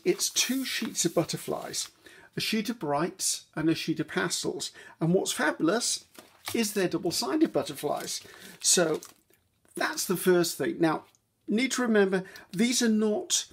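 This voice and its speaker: A woman's voice: sits low, breathy edge. A woman hosting a casual crafting tutorial, chatting directly to viewers while she handles and shows her materials.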